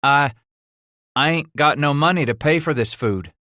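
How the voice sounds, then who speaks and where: A man's voice: on the high side, measured pace, bright, forceful tone, dry recording, clean studio sound, pitched above the performer's own voice. A man voicing a hungry, shy runaway boy who stammers eagerly. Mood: earnest.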